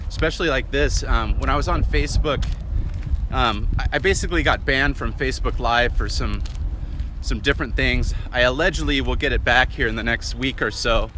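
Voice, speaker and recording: A man's voice: medium pitch, sharp tone. A man hosting a live video, talking casually and rambling with many fillers while walking uphill and out of breath. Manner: rambling, full of fillers and asides. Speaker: host of a live video channel. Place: outdoors, walking up a hill. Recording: outdoor traffic noise. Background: street and vehicle noise.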